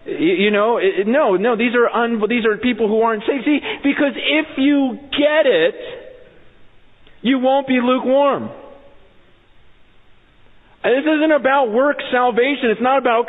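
A man's voice: very high-pitched, normal speed. A man preaching a sermon as pastor, intense and urgent, often stammering and restarting as he acts out quoted voices. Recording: phone-like sound in a reverberant hall.

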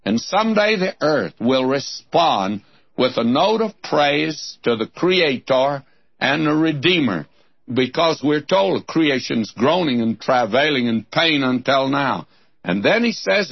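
A man's voice: mid-range voice, big pitch swings, slow pace, vocal fry, no room sound, muffled recording. A man giving a folksy, direct Bible teaching to listeners he calls friends, from a tape recording.

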